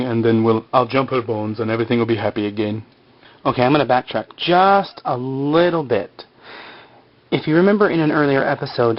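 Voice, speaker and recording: A man's voice: medium pitch, muffled recording. A man hosting a podcast, casually recapping an episode in a rambling, joking way, full of fillers. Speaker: podcast host.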